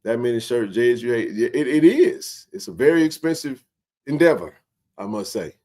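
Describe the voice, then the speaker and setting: A man hosting a casual sports livestream, animated and joking in colloquial speech. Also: mid-range voice, normal speed. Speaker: sports talk show host.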